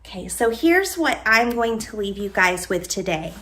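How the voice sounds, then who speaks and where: A woman teacher giving a recorded lesson, speaking slowly and deliberately and dictating sentences word by word. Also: medium pitch, big pitch swings, fairly bright tone.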